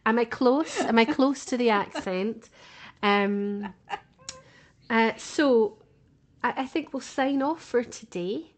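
A woman's voice: on the high side, slow, pauses often. A woman co-hosting a podcast, talking casually and chattily and laughing often. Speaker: podcast co-host.

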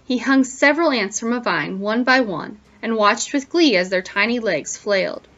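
Her voice on the high side, a woman teacher performs a picture book for children in storytelling style and stops to pose questions. The sound is dull and lo-fi.

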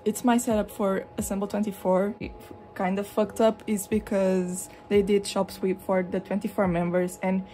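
A young woman from Europe chatting casually at home while showing her collection, rambling and expressive, slipping into animated retellings. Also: mid-range voice, normal speed, faint music behind. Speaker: vlogger. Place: hot room at home with a fan running.

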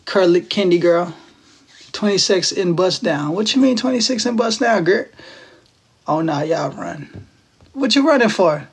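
A man's voice: high-pitched, animated, a little slow, creaky, pauses often, slightly rough. A man in his twenties from Texas, chatting casually and teasing viewers on a phone livestream, with playful, slangy banter. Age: 20s. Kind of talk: casual live-stream chat with viewers.

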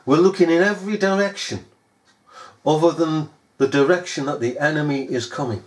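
A man's voice: a little high, fairly even intonation, normal speed. A man preaching a sermon in a scornful, sarcastic manner. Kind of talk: recorded sermon. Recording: echoey room.

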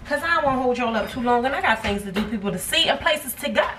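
A woman's voice: on the high side, expressive, quick pace, fairly bright tone. A woman, chatting to her viewers as she cooks at home. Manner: chatty, addresses viewers as y'all. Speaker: cooking vlogger. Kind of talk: casual cooking vlog. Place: home kitchen. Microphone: phone camera set back. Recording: distant phone mic with background noise.

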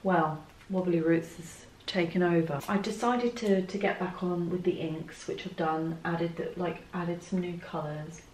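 A woman's voice: fairly low pitch, steady tone, a little slow, hardly any pauses, a little mellow, echoey room, slight background noise. A woman chatting casually while she works in her art studio, thinking aloud and poking fun at herself. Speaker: art vlogger.

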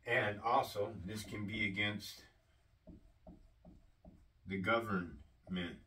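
A man preaching a sermon-style teaching, slow and deliberate, often asking his listeners questions. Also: on the low side, steady tone, bright, forceful tone, far from the mic, slight background noise, rough recording.

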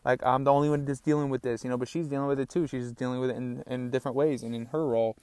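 A young man hosts a casual solo podcast from a small outdoor hideout on rural land, his medium-pitched, slightly mellow voice flat and rapid-fire with no room sound. He rambles loosely and candidly, a little out of breath, calling listeners "bro" and "man."

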